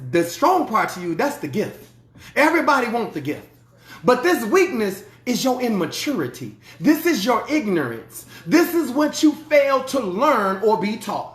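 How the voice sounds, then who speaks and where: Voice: medium pitch, a bit bright. Emphatic preacher in an echoey room. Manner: emphatic, colloquial preaching with repeated refrains. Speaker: preacher and life coach. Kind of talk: motivational sermon. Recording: roomy echo.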